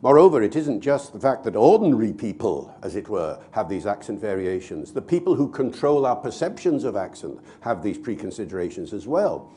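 Man, low voice with lively swings, talk-show explainer with asides. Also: brisk, few pauses. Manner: expansive, lecturing, many asides. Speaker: language expert. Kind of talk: online talk with a co-presenter.

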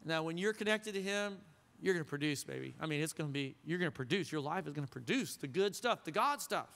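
Pastor, male, high bright voice, preaching in a loose joking way, long hall reverb. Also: lively intonation, fast. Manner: conversational, joking, asks the crowd questions. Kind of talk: sermon. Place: church sanctuary.

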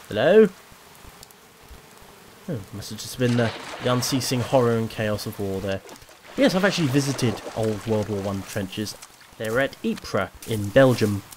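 A man's voice: mid-range voice, noisy background. Guy rambling through a game, kinda self-mocking, bouncy up-and-down voice. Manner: chatty, rambling, self-deprecating. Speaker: let's play host. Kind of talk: casual gameplay commentary.

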